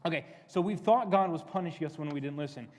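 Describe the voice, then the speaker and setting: Energetic man preaching in a reverberant church. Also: a little high, fast. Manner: energetic, asks the crowd many questions, repeats words. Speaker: youth pastor. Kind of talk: sermon to a youth group. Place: church sanctuary. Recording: long reverb of a church hall.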